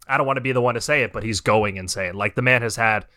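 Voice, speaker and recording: A man's voice: mid-range voice, quick pace, sharp tone. A young man hosting a podcast, ranting in heated, profane casual chat. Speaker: podcast host.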